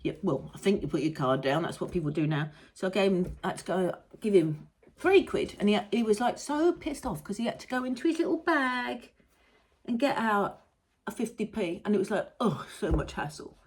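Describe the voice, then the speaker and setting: A woman's voice: mid-range voice, animated, normal speed, darkish tone, husky. A middle-aged British woman with a rambling, chatty manner and mild swearing, hosting a casual monologue. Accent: British English. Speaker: host. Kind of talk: casual chat.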